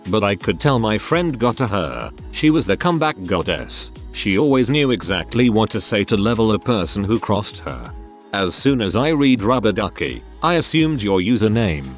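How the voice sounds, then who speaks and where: A man's voice: on the low side, sing-song, normal speed, soft background music. A man reading online stories aloud as the regular narrator, in scripted storytelling narration.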